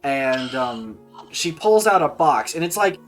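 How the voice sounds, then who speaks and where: A woman narrating as game master of a tabletop game, rambling and animated with many fillers. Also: low voice, a little slow, faint music behind.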